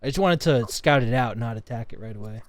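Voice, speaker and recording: A man's voice: mid-range voice, quick pace. A man playing in a tabletop game, thinking aloud in a hesitant, casual way.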